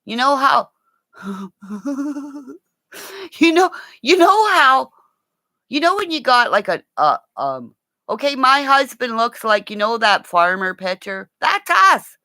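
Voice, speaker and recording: Middle-aged lady rambling on her livestream, excitable, gasps a lot, dry close sound. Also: high voice, slow pace, pauses often, dry recording. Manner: excitable, gasping, drops into whispers. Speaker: livestream host. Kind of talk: rambling casual livestream chat.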